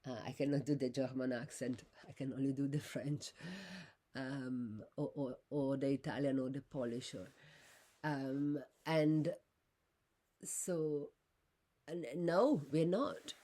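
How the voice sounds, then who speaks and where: Woman, deep-pitched, unscripted monologue; halting, self-correcting, flares upward when indignant. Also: fairly even intonation, mellow. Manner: rambling, with many fillers and restarts.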